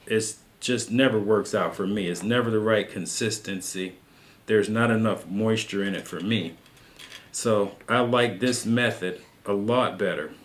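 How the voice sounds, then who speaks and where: A man calmly teaching soap carving, talking patiently through each cut as he works. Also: fairly low pitch. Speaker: carving instructor. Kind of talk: step-by-step craft tutorial.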